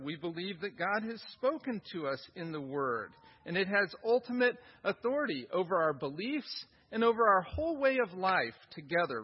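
A man's voice: high voice, slightly rough, dull audio. A man preaching a sermon as pastor, earnest and repeating phrases for emphasis. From United States.

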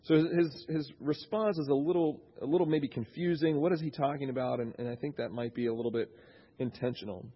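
A man's voice: mid-range voice, fairly quick, husky, dull audio. A man in his thirties, a pastor giving a conversational sermon, thinking aloud with frequent restarts.

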